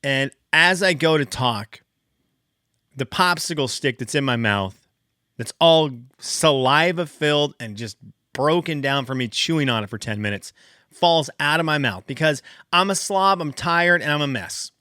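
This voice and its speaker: Male podcast host, 30s, casual storyteller: bright, forceful voice, animated and exasperated, dry close sound. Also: measured pace, no echo. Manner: animated, exasperated, jumps high in pitch for emphasis.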